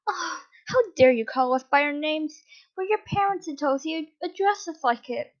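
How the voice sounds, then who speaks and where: A woman's voice: high-pitched, fairly quick, dull audio, close to an everyday voice. A woman reading aloud, voicing a flamboyant, doting father who is cheerful and dramatic. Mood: mock offended.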